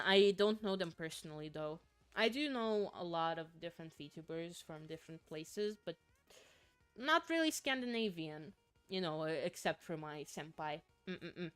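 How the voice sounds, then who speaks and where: Young woman, from Finland, mixed accent, giggly rambling streamer chat, smooth clear voice, dry close sound, faint music behind. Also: lowish voice, dry recording. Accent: mixed, not a typical Finnish one. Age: young adult. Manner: giggly, rambling, with frequent laughs and restarts. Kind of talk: casual chat while gaming, reading chat aloud.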